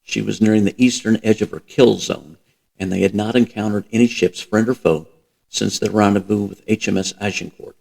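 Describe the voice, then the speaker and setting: A man reading a novel aloud as host, in a steady, even narration. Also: on the low side, brisk, creaky, rough recording. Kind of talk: audiobook-style reading.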